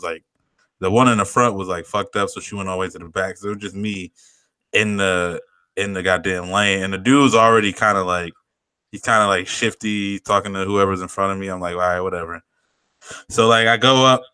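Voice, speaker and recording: A man chats on a podcast in a bright, forceful voice, telling a rambling story with plenty of swearing and laughter. The recording is dry and close, with no room sound. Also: deep voice, clean tone, no echo. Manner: laid-back storyteller, swears a lot, laughs often. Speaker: podcast co-host. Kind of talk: casual chat.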